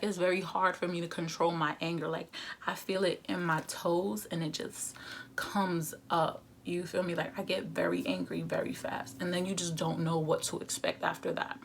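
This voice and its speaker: A woman's voice: mid-range voice, fairly bright tone, slight background noise. Sassy, blunt young woman vlogging. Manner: sassy, blunt, conversational with slang. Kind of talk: candid confessional talk to camera.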